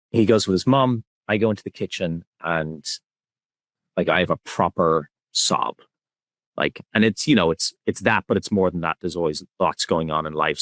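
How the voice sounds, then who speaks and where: A man speaking as a podcast guest, talking in a soft, reflective and candid way in a relaxed conversation. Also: low voice, no room sound.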